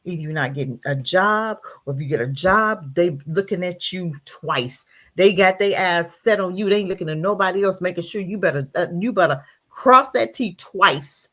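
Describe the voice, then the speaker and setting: A woman guest in a casual podcast discussion, animated, often acting out scolding voices. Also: normal speed. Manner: animated, acts out scolding voices high and loud.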